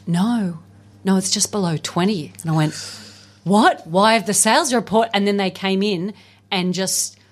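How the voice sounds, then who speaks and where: A woman's voice: mid-range voice, moderate pace. A British woman comedian hosting a podcast, telling stories in a wry, chatty way. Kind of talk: casual podcast chat.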